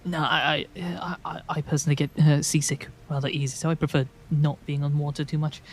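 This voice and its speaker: Brief: whispered role-play, a man doing a timid male creature companion, hushed and halting. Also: on the high side, level tone, a little hiss or hum, lightly acted. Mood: confiding. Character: male creature traveler, shy and seasick-prone.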